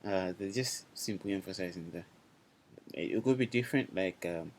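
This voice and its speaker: A man's voice: deep voice, moderate pace, darkish tone, a little hiss or hum. A man teaching a language class online, talking loosely, repeating himself and checking in with his students.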